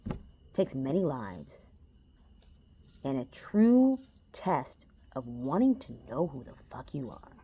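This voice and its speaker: A tarot reader talks to her viewers in a casual vlog from her small house in the woods, passionate, rambling and profane. Her voice is extremely low and dark with a breathy edge, sing-song in its rise and fall, and slow.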